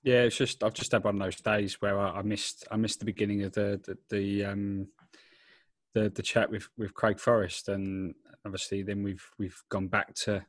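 A man chats on a fan podcast in a halting, rambling way, with frequent restarts. His voice is low. The sound is dry and close. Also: little pitch movement, no room sound. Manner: hesitant, rambling, lots of fillers and restarts. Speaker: podcast co-host. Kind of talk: casual podcast chat.

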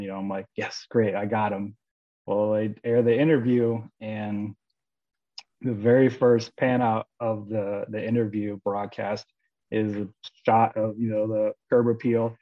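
Low-voiced man telling a story. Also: moderate pace, dull audio. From Florida, USA. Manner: animated, acts out quoted voices, many fillers. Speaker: guest author. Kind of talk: casual storytelling.

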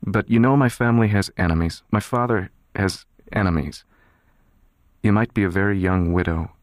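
An actor playing a guarded, controlled young man who talks in a quiet, measured, detached way. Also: lowish voice, no room sound, clean studio sound, lightly acted. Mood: cold, serious. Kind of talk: dramatized audiobook reading.

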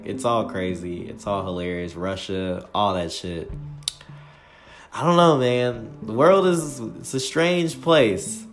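Profane man ranting solo, music behind. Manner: profane, heated ranting with big pitch jumps. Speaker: podcast host. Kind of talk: casual solo rant. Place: small room with door closed.

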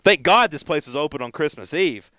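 A man's voice: on the high side, expressive, brisk, pushed and bright, no room sound, clean studio sound. A man co-hosting a casual chat, telling stories in a rambling way and often stumbling over and repeating his words.

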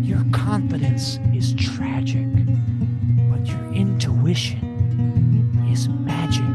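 A man doing a bumbling therapist, soothing and slow, over loud guitar music. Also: medium pitch, lightly acted. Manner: slow, soothing hypnotic delivery. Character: soothing, inept male therapist. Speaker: improv therapist. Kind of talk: improvised comedy podcast.

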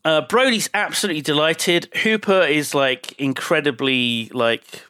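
A man's voice: fairly high pitch, unhurried, pushed and bright, dry recording. A man co-hosting a podcast, casually retelling a film with plenty of swearing and filler words. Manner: swears freely, rambling with fillers. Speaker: podcast co-host.

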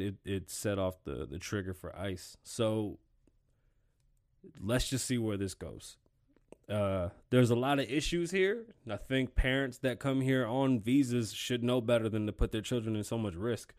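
A man's voice: fairly low pitch, normal speed, darkish tone. A man hosting his own podcast solo, talking in a loose, rambling, profane street manner. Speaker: podcast host. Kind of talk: casual solo podcast monologue.

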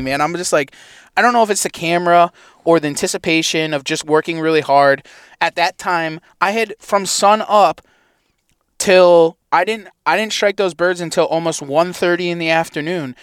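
A young podcast co-host, in a parked truck, spins an animated hunting tale during casual conversation, full of profanity and acted-out reactions of his own. He talks at a normal speed in a smooth, fairly high voice, and the studio-quality audio has no room sound.

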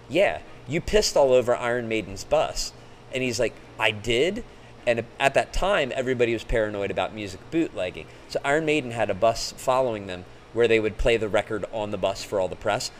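A man's voice: lowish voice, low-quality recording. Middle-aged musician guy spinning a wild tour story, laughs a lot, faint background hiss. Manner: animated, laughs often, acts out voices in his stories. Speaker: musician guest. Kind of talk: casual storytelling.

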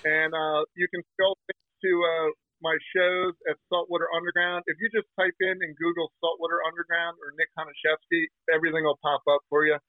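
A man's voice: a little high, little pitch movement, no room sound. Brash man on a tinny phone line. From New Jersey. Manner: brash, slangy, talks in quick bursts. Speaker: guest, fishing TV host. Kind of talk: casual interview.

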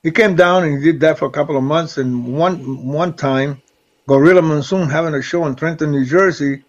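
A man's voice: fairly high pitch, normal speed. An older man from Rico, a former wrestler telling stories in an interview, rambling and often repeating and restarting his words. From Puerto Rico. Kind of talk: storytelling in an interview. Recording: dull lo-fi recording.

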